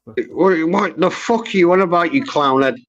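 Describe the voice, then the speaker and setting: A man with a notably high voice hurls insults in a heated livestream argument, talking over everyone. The call audio is dull and lo-fi. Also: normal speed, fairly bright tone. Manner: aggressive, swearing, talks over others. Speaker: livestream panel guest. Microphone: online call.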